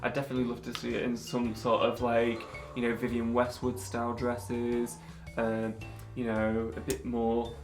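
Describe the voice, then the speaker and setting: A man's voice: medium pitch, completely flat delivery, moderate pace. A man, co-hosting a casual chat, talkative with frequent laughs and fillers. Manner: chatty, laughs often, plenty of fillers. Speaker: co-host. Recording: echoey room with faint music.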